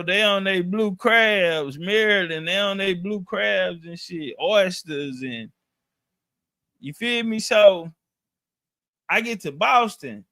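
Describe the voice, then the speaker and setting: Slow-talking man with a high bright voice. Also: dry recording. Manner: loose slangy storytelling with profanity and restarts. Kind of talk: casual storytelling talk.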